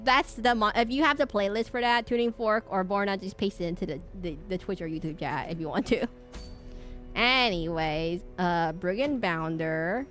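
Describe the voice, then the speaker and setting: A woman's voice: medium pitch, fairly bright tone, clear, resonant tone, no room sound. A woman streaming a video game, chatting casually in a rambling, giggly way.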